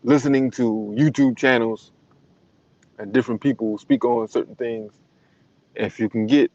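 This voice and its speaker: A man's voice: fairly low pitch, a little mellow, dry recording, lo-fi sound. A man giving a blunt, profane monologue to camera, acting out other people's voices as he talks.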